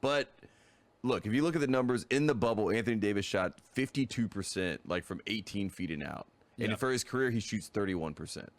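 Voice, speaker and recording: A man's voice: lowish voice, expressive, fairly quick. A young man co-hosting a sports podcast in casual chat, confidently laying out stats and arguments. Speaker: podcast co-host.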